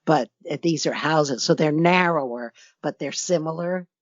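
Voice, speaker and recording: A woman's voice: deep voice, normal speed, dry recording, dull audio. An older woman from New York with a New York accent, a guest author in a casual interview, talking reflectively and rambling with many fillers.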